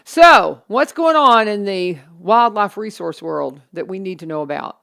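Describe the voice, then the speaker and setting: A woman, hosting a casual morning radio chat in a chatty, animated way. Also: medium pitch, gravelly. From Kentucky Lake region. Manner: chatty and animated, quick asides. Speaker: radio host.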